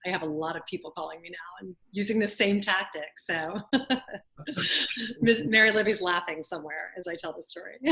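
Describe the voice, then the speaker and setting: A woman in her forties from Louisiana with a Southern accent, telling a lively story as a guest on a video call, laughing often. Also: medium pitch, normal speed, rough recording. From Louisiana, USA. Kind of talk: storytelling in an interview.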